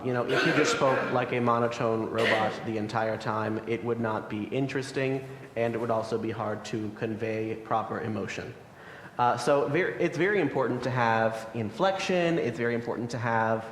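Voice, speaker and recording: Young man, church class teacher, relaxed and filler-heavy, echoey hall. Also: medium pitch. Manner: relaxed, lots of ums and uhs. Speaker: Sunday school teacher. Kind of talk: classroom lesson, answering questions. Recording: echoey room, faint noise.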